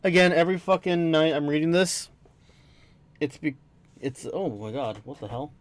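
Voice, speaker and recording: A man's voice: on the high side, lively intonation, normal speed. A young man reading a manga aloud and reacting casually, tired after work, swearing, laughing and easily sidetracked. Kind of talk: casual read-along reaction. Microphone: dry home mic.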